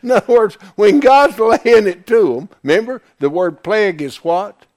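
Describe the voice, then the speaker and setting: A man's voice: sits high, moderate pace, a little mellow. A man preaching a sermon, emphatic, firing questions at the congregation. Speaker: pastor.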